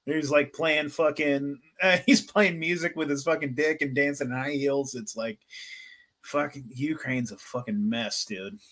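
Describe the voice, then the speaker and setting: A man's voice: fairly high pitch, measured pace. A young man in casual podcast chat, swearing freely and laughing as he talks. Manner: profane, laughing, excitable. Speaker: podcast co-host or guest.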